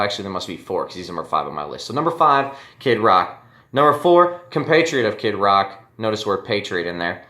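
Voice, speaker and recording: A man's voice: medium pitch, pushed and bright, echoey room. A man hosting a casual fantasy baseball league recap, brash and joking, talking straight to his league mates and swearing freely. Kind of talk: casual solo commentary.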